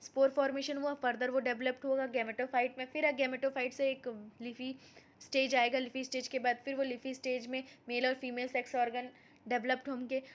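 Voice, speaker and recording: A woman's voice: sits high, level tone, racing, highs cut off. A woman with an Indian accent giving an online biology lesson, switching between Hindi and English and repeating key terms. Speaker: biology teacher. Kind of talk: online lecture.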